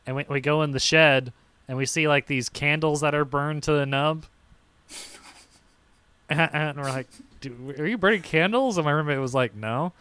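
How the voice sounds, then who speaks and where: A young man co-hosting a podcast, telling animated stories in casual chat and acting out quotes with sudden yelps. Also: fairly high pitch, clean tone, dry recording. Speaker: podcast co-host.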